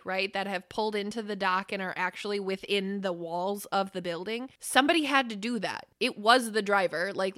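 A woman's voice: mid-range voice, pushed and bright, no echo, clean studio sound. A woman hosting a podcast, talking casually with lots of swearing and emphasis. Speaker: podcast host.

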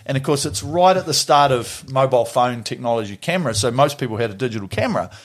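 A man's voice: mid-range voice, expressive, fast talker. A man telling a rambling, laughing anecdote as a podcast guest, swearing freely. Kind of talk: casual storytelling.

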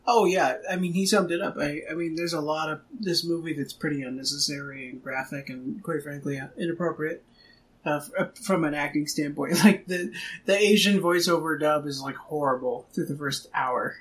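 A man's voice: fairly high pitch, moderate pace, a bit bright, rough recording. Laid-back man co-hosting a podcast. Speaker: podcast co-host. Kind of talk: casual movie review chat.

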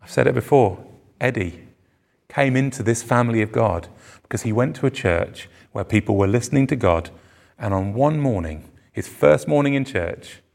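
A man's voice: on the low side, gravelly, a little mellow. A man preaching a sermon to his congregation, earnest and emphatic, his phrases rising on key words. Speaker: pastor. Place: church service venue.

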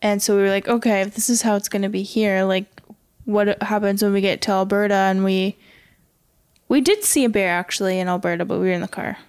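A woman joins a podcast as a guest and tells a story in a chatty, run-on way, acting out what each person said. Her voice is middle-pitched and ordinary. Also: fairly even intonation, brisk, a little mellow, clear, resonant tone. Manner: chatty, quotes others in run-on retelling. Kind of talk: casual storytelling chat.

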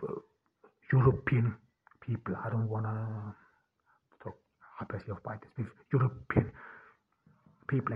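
A man hosting a podcast, talking in a halting way with many restarts and fillers. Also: mid-range voice, slight background noise. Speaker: podcast host. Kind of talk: casual monologue. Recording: dull lo-fi audio.

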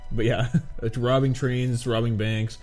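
A man's voice: mid-range voice, little pitch movement, measured pace, a little mellow, faint music behind. A man co-hosting a casual gaming podcast, rambling, swearing freely and laughing often. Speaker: podcast co-host.

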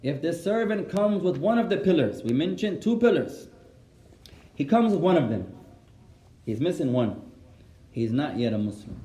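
A man with a slightly raised voice leads a class, patient and instructive. He repeats each phrase slowly for students to copy down and translates it line by line. The sound is roomy, with a clear echo. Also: fairly high pitch, sing-song, mellow. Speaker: teacher. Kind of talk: classroom lesson, dictating for memorisation.

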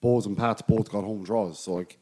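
A man's voice: on the low side, steady tone, moderate pace, dark tone. An Irish man co-hosting a casual sports podcast, telling rambling anecdotes and laughing often. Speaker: podcast co-host.

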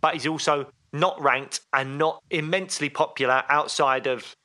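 A man co-hosting a casual sports podcast, his voice slightly higher than most and bright and forceful in tone. He rambles through his points with lots of fillers and restarts. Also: fairly even intonation, normal speed. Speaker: podcast co-host.

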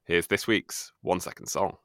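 A man's voice: sits low, fairly even intonation, normal speed, very noisy. A man co-hosting a podcast in casual chat, running a quiz with a teasing, playful delivery. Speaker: podcast co-host.

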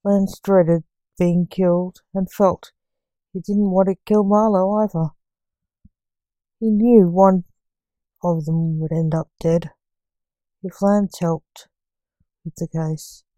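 A woman narrating a story she reads aloud in a plain, unhurried way. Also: fairly low pitch, fairly even intonation, mellow, no room sound, rough recording.

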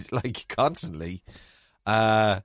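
A man, a podcast co-host chatting casually, telling lively stories, often laughing and acting out his own texts. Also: fairly low pitch, very slow, no room sound, clean studio sound. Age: 30s. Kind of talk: casual chat.

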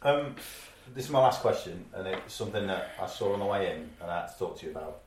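A man hosting a casual podcast interview, asking relaxed, chatty questions. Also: sits low, fast talker, a little hiss or hum. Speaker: podcast host. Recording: roomy echo.

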